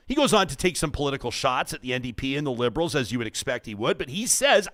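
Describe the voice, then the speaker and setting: A Canadian man hosting a political talk show, speaking emphatically and reading quotes aloud with a lively voice. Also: medium pitch, fast talker, hardly any pauses, dry recording, clean studio sound.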